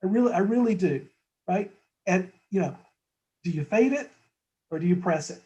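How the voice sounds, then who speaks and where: A man's voice: high-pitched, animated, moderate pace, warm tone, rough recording. A man as a guest in a conversational market discussion, talking thoughtfully with frequent restarts and tag questions.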